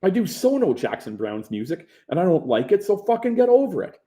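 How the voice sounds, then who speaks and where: A man's voice: a little high, animated, brisk, warm tone, voice pushed up. A man doing a belligerent, foul-mouthed young guy. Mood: combative. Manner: swearing, defensive, combative. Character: belligerent profane young man, arguing hotly.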